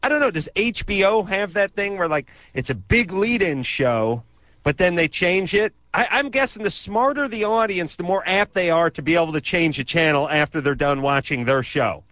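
A man's voice: high voice, expressive, moderate pace, fairly bright tone, no echo, highs cut off. A man hosting a casual radio chat, rambling and sarcastic, often stammering, with a distinctive voice people like to mimic. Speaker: radio host.

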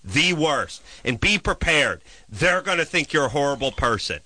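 Profane ranting man, lively swings. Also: on the high side, moderate pace, no echo. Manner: profane, exasperated, swings into loud shouted bits. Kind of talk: comic storytelling rant.

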